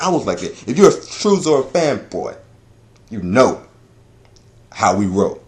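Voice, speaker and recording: A man giving a casual chapter review, talking in a loud, profane, rambling way that is full of laughter. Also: lowish voice, very animated, a little slow, pauses often. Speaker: anime and manga reviewer.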